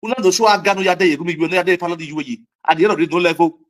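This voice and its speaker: A man's voice: sits high, very fast, hardly any pauses. A man with a Nigerian accent giving a heated, repetitive vlog rant as a social media commentator, scolding his viewers. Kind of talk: ranting vlog monologue.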